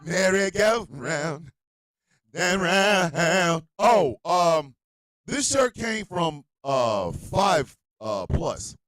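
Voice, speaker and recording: A man hosts a comedic internet radio show, talking straight at his listeners in crude slang and often breaking into shouts. His high voice leaps all over the place and carries a gravelly edge. The sound is dry and close, with no room around it. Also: extremely slow, dry recording, rough recording. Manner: loud, animated, often shouting and laughing.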